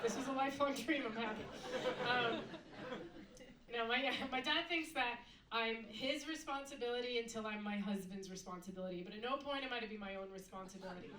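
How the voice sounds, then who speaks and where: A woman performing a stand-up comedy set on a club stage, mixing a deadpan delivery with sudden loud mock outbursts. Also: fairly high pitch, measured pace, long pauses, a loud crowd, heavy background noise. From United States. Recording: echoey club recorded from a distance.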